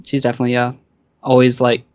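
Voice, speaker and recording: A man's voice: medium pitch, completely flat delivery, quick pace, darkish tone, dry recording, highs cut off. A man talking casually as a guest about his experiences, hesitant, with many fillers and restarts. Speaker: guest caller. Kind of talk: casual interview chat.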